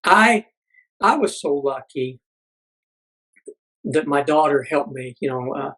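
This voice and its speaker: A man in middle age speaking with a somewhat husky, breathy voice that sits a bit higher than most. He tells a personal story earnestly, stumbling into restarts and acting out the dialogue he remembers. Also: lively intonation, slow pace, a bit bright, poor audio. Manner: earnest, frequent restarts, acts out quoted dialogue. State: blind military veteran. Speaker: podcast guest.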